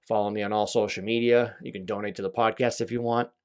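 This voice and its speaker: A man's voice: lowish voice, level tone, quick pace, smooth. A young man hosting his own podcast, talking in a rambling, self-deprecating, chatty way. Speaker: podcast host. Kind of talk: casual solo podcast chat.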